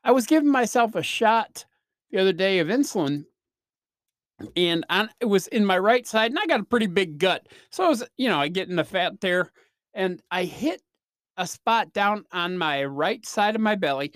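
A man's voice: high-pitched, expressive, normal speed, fairly bright tone, no room sound, clean studio sound. Rambling, self-deprecating male podcaster. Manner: rambling, self-deprecating storytelling with frequent fillers. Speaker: podcast host. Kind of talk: casual solo podcast monologue.

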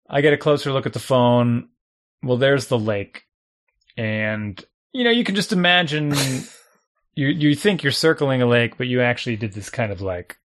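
Man, gravelly voice, animated storyteller, chuckles as he goes. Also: mid-range voice. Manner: animated, acts out his own thoughts, chuckles often. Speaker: storyteller guest. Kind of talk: casual anecdote telling.

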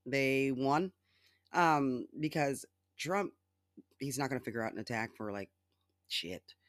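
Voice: unhurried, no room sound. Sarcastic profane podcast ranter, dry sound. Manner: laughs often and mimics others in exaggerated high voices. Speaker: podcast host. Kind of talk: casual solo political rant.

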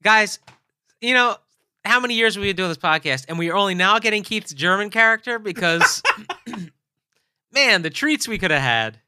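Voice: medium pitch, expressive, moderate pace, pauses often, very noisy. A podcast co-host in casual chat, playful with mock announcer bits.

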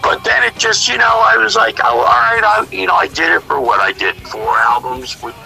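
A middle-aged male musician talking casually in an interview, animated and blunt, acting out what others said. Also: fairly high pitch, brisk, creaky, faint music behind, poor audio. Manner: animated storyteller, acts out quotes, swears freely. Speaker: musician guest.

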